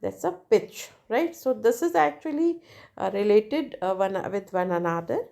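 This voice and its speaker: A woman teacher explaining exam answers in a lively lecturing way, with many fillers and checks of "right?". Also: mid-range voice, moderate pace, gravelly. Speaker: English teacher.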